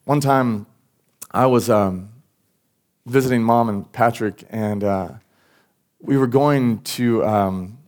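A man's voice: mid-range voice, slow pace, pauses often, a little mellow. A man giving a sermon at a church service as pastor, talking in a casual way with many restarts and asides. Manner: conversational, with frequent restarts and asides.

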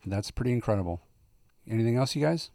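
A man's voice: mid-range voice, expressive, quick pace, dark tone, no room sound. Jokey male podcast host, dry sound. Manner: jokey, laughs often. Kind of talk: casual chat.

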